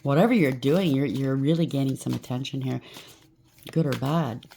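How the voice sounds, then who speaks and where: Woman, tarot reader, low voice, mellow tone, rambling, preachy, chatty asides. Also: moderate pace, creaky, slight background noise. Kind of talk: collective tarot reading.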